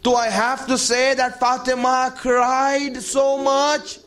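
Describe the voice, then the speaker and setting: A man's voice: very high-pitched, completely flat delivery, slow, a bit bright, slight background noise. A man delivering an emotional religious sermon, pleading with his listeners and moving between storytelling and impassioned cries. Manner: storytelling, addresses audience as friends. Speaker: preacher.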